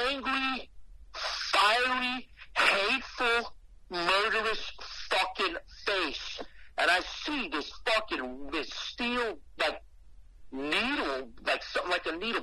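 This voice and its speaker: In a dry, low-quality recording, a man with a higher voice casually tells a personal story. He's profane and slangy, animatedly acting out the things he said back then.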